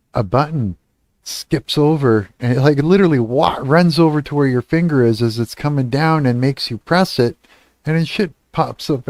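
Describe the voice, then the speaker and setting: A man's voice: medium pitch, darkish tone, dry recording, studio quality. A man in his thirties from Canada, chatting casually on a livestream, rambling and swearing, trailing off and laughing often.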